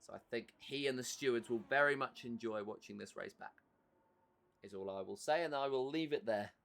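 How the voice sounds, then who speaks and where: A man's voice: medium pitch, brisk, gravelly, fairly bright tone. A man with an English accent giving live commentary on an online racing league, chatty and answering viewer messages between race updates.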